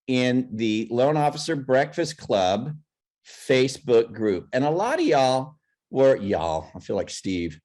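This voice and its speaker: A man's voice: medium pitch, darkish tone. Male host, video-call coaching session, encouraging and a bit rambling. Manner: repeats and restarts phrases, pep-talk manner.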